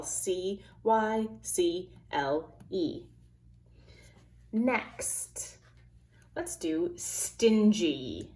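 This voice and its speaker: A woman teaches phonics to young students, carefully sounding out each letter and word. She speaks in a low voice at a very slow, deliberate pace. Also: darkish tone. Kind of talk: phonics lesson for children.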